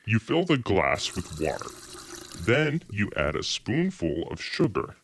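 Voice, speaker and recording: A man's voice: lowish voice, a little slow, a little hiss or hum. A man playing Pierre, a bossy, grumpy TV cook. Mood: instructive. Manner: bossy, scolding, deadpan. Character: Pierre, bossy grumpy male TV cooking host. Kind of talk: comedy sketch acting.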